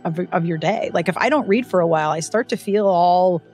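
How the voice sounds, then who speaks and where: A woman's voice: fairly low pitch, a little fast, slightly rough, faint music behind. A woman hosting a podcast, talking casually and emphatically about books and reading. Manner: emphatic, animated storytelling. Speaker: podcast host. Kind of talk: casual chat.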